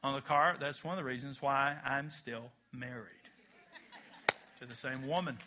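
A man's voice: mid-range voice, steady tone, normal speed, noisy background. A middle-aged man preaching a sermon, emphatic and folksy, with jokey asides and call-and-response to the congregation. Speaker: pastor.

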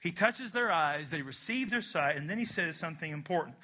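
A middle-aged male pastor preaching with a high, sharply bright, tense voice. He drives his points home emphatically and keeps calling out to the congregation for a response, slipping in folksy jokes along the way. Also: expressive, brisk, few pauses. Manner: jokey, folksy asides. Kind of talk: sermon.

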